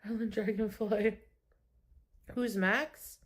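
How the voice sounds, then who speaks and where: A woman streaming from home, chatting casually and breaking into high baby talk now and then. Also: measured pace, long pauses. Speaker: livestreamer. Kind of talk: casual livestream chat.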